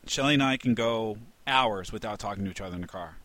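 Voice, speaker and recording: A man co-hosting a casual chat, an animated storyteller who swears freely and laughs often. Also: lowish voice, fast, no room sound. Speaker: podcast co-host.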